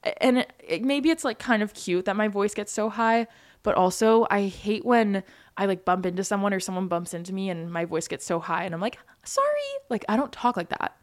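A woman's voice: medium pitch, brisk. A woman in her early twenties hosting her own podcast, chatting casually with lots of "like" and "you know" fillers. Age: young adult, 22. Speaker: podcast host. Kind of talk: casual solo podcast chat.

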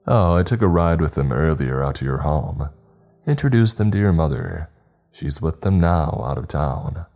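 A man voicing a male criminal who speaks quietly and smugly as he makes his threats. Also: very deep voice, full character voice. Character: male criminal blackmailing the narrator in a bar.

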